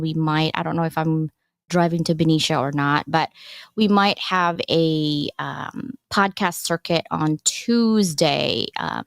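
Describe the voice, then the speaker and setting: A woman's voice: on the low side, dry recording, clean studio sound. A woman giving a casual live presentation as a workshop presenter, chatty and encouraging, with frequent digressions.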